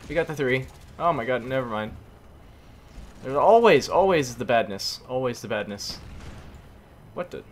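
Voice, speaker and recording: A hoarse young man giving excitable gameplay commentary, groaning and exclaiming at his teammates. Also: mid-range voice, normal speed. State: hoarse, losing voice. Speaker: gaming YouTuber. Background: faint gunfire from the game.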